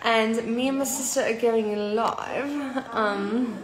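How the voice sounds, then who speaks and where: A woman's voice: on the high side, steady tone, slow, reverberant. A young woman hosting a casual phone live stream, tired and blunt, calling viewers darling. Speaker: livestream host.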